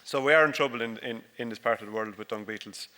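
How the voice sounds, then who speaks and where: Guy giving a casual farm talk in a big conference hall, bright crisp voice, long reverb trailing off. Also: mid-range voice, fast. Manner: jokey, chatty and self-deprecating. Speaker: dairy farmer presenting at a conference. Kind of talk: informal conference presentation with slides.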